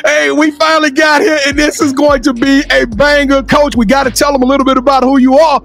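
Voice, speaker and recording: A man co-hosting a sports podcast with a Louisiana accent, hyping the audience with loud, preachy energy and frequent shouting. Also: very high-pitched, flat delivery, fairly quick, vocal fry, hardly any pauses, soft background music. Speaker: podcast co-host. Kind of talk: hyped podcast chat.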